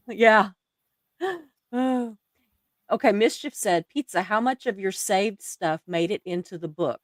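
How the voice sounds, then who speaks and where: A woman's voice: mid-range voice, animated, slow pace, long pauses, no echo, studio quality. Giggly Southern woman hosting a stream. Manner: giggly, chatty, laughs often. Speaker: livestream host. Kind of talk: casual chat reading viewer comments.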